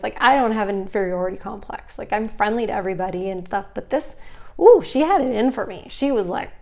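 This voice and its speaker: A young woman talks straight to camera in an easy, chatty vlog. She tells a personal story with animated energy and slips into quick impressions of the people in it. Her voice sits at an ordinary middle pitch. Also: creaky. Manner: animated, acts out other people's lines in the story. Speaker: vlogger. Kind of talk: casual storytelling monologue.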